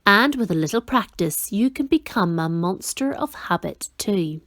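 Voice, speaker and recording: A sly male demon of petty chores , as a woman reader puts him on, drawls each word slowly and coaxingly. He is a storybook villain who wants to lure you into useless work. The sound is dry and close. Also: medium pitch, lively intonation, fairly bright tone, no echo. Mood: whispering coax. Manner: slow, deliberate, coaxing. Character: smooth-talking male demon of petty tasks.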